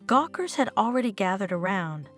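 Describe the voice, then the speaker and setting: A woman's voice: medium pitch, very animated, moderate pace, fairly bright tone. A woman narrating a dramatic family story in a scripted storytelling style, over faint background music.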